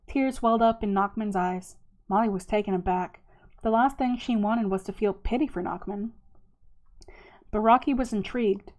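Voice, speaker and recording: A woman hosting her own channel, reading a novel aloud in a steady, unhurried storytelling manner. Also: mid-range voice. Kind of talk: casual read-aloud narration.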